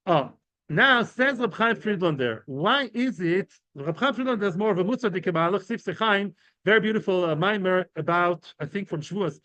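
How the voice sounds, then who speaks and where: His voice sits high with lively intonation, a moderate pace and a slightly bright quality. He's a Talmud teacher leading a casual class of men, illustrating each term with everyday examples and frequently asking "right?" and "yeah?". The audio has no echo and sounds dull.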